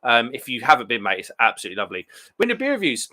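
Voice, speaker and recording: A man hosting a live beer stream, chatting loosely with viewers. His voice sits at an ordinary pitch but sounds very bright and forward. He rambles, restarts, and fills gaps with "um". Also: wildly swooping pitch, very fast. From England. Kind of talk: casual live chat reading viewer comments.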